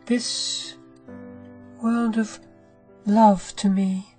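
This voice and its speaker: A woman voicing a young wife in a classic story, speaking hushed and soft, higher than her narrating voice. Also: steady tone, extremely slow, slightly rough, soft background music. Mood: tender hushed. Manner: hushed, whispery.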